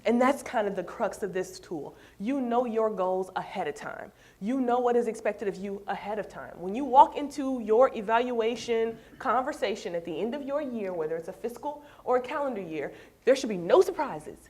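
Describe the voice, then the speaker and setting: A woman giving a workplace training talk to a room of staff, lively and conversational, telling stories with quoted dialogue. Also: fairly high pitch, normal speed. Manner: animated, storytelling with acted quotes. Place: room with an audience.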